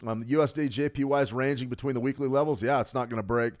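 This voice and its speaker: A man hosting a live trading stream, giving energetic market commentary, repeating key phrases for emphasis and answering viewers' chat. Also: mid-range voice, fast talker. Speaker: trading livestream host.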